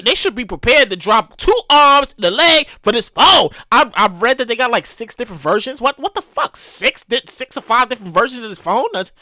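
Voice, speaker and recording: A woman hosting a podcast, ranting casually about the news, animated and profane with loud exclamations. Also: medium pitch, no echo, clean studio sound. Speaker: podcast host. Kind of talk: casual comedic news rant.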